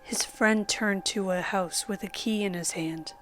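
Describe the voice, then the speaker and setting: Female horror narrator, unhurried and dramatic, slips into whispers, light music underneath. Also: mid-range voice, fairly even intonation, a bit bright. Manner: measured, dramatic reading that drops to a whisper at times. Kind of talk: scripted horror story narration. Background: faint background music.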